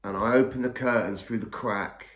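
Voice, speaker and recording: A man's voice: fairly low pitch, steady tone, moderate pace, fairly bright tone. A middle-aged man telling his own story in a casual, rambling way, often repeating and restarting words. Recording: echoey room.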